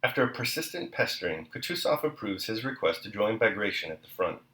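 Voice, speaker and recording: A man reading a novel aloud and then reflecting on the chapter, in a measured, even delivery. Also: on the low side, reverberant, rough recording. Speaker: reader and commentator.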